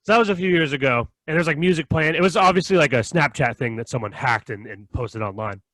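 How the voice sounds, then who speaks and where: Quick talking guy hosting a casual podcast, tells rambly stories, laughs a lot, dry close mic. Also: fairly high pitch, sharp tone, dry recording. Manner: rambling, laughs often, acts out quotes. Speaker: podcast host. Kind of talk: casual chat, storytelling.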